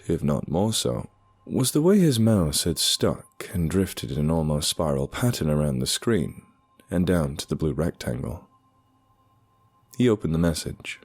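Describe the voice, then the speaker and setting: Deep husky male horror narrator. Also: very animated, moderate pace. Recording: dark music underneath.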